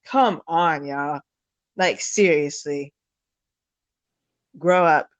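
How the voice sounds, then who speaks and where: A woman's voice: deep voice, drawn-out words, no echo. Blunt, heated woman sports talker. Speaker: podcast co-host. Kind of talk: casual sports talk.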